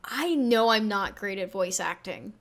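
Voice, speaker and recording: A woman with a voice that sounds younger than her age, giving halting, self-deprecating reaction commentary, with many restarts, on a USB desk mic. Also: medium pitch, expressive, a bit bright. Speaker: video creator and game developer. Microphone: Blue Yeti on an arm.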